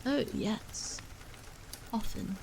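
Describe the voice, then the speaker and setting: A woman's voice: a little high, vocal fry, full character voice. A woman whispering as a cool aloof stranger. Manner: cool, measured drawl, picking words. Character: calm, aloof, faintly hostile stranger man. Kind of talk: whispered role-play. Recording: faint rain noise behind.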